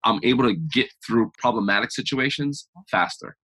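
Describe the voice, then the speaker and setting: A man with a slightly husky, breathy voice speaks as a guest in a conversational interview. He talks with energy and emphasis, pushing his motivational points hard. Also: mid-range voice, normal speed, bright, forceful tone. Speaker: podcast guest, author.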